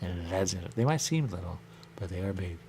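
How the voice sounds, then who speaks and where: A man with a very low, gravelly voice drifts through a rambling radio monologue. He circles back to the same phrases over and over in a loose, musing way. A faint hiss of noise sits under his voice. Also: expressive, quick pace, darkish tone. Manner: loose, repetitive, musing, keeps saying "there you go". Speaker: radio show host.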